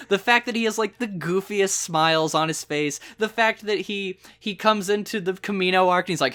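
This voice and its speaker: Excitable rambling podcast host. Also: medium pitch, fairly quick, hardly any pauses, smooth. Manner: excitable, rambling, laughs often. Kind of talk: casual chat.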